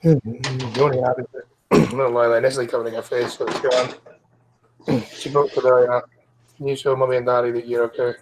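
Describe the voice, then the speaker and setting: A Scottish man hosting a live stream, reading news stories aloud casually, stumbling over words and clearing his throat. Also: mid-range voice, level tone, brisk, background noise.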